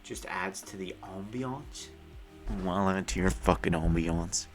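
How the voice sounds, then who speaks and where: A man's voice: low voice, a little slow, faint music behind. A man streaming casual chat, teasing a friend, swearing and laughing. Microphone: headset earphones.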